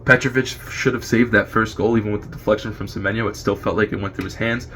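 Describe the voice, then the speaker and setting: A man from New Jersey with an American accent, giving a brisk, opinionated fan review recorded on video. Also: lowish voice, fairly even intonation, a bit bright, a little hiss or hum. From New Jersey, USA. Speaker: fan contributor.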